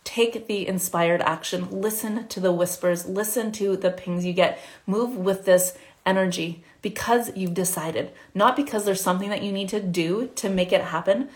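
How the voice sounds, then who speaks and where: A woman coaching listeners on a live spiritual talk. Her speech is quick and chatty and full of fillers, and her voice sits at a middle pitch for a woman. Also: fairly even intonation. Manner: fast, chatty, many "like" fillers, acts out inner voices.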